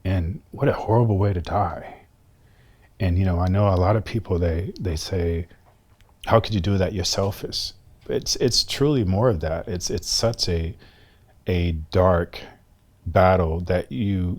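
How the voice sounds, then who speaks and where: A man in his fifties, a guest telling a personal story in an interview in a soft-spoken, reflective and earnest way. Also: low voice, normal speed. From United States. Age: 50s.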